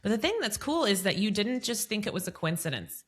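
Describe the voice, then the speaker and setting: A woman's voice: medium pitch, sing-song, a little fast, breathy edge. A woman co-hosting a faith podcast, affirming and reflective as she responds to a guest's story. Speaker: podcast co-host. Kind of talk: casual podcast chat.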